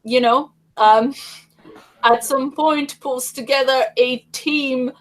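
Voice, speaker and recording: A woman's voice: high voice, fairly even intonation, slow, low-quality recording. A woman hosting a casual livestream chat, talking in a rambling way with many fillers and restarts. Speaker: livestream host.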